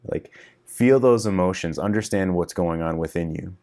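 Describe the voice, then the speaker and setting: Deep-voiced frank male coach. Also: moderate pace, mellow. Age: middle-aged. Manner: frank, casual, swears freely, coaching directly. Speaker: relationship coach. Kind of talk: video lesson for men.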